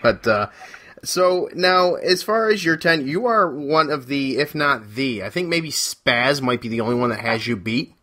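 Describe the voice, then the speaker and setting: A man's voice: medium pitch, lively intonation, unhurried, bright, forceful tone. A man hosting a casual interview, friendly and encouraging, with frequent affirmations. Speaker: podcast host.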